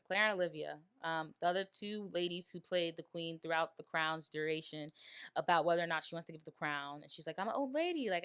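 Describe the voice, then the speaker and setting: A woman hosts her own podcast and talks through a TV series in a rambling, emotional way. Her voice sits a little low and comes across smooth and clear. The recording is dry and close. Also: sharp tone, no echo. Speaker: podcast host. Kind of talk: casual solo podcast review.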